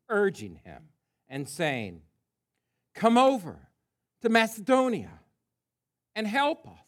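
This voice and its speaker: Man preaching a sermon. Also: mid-range voice. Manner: conversational storytelling with quiet asides. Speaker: pastor.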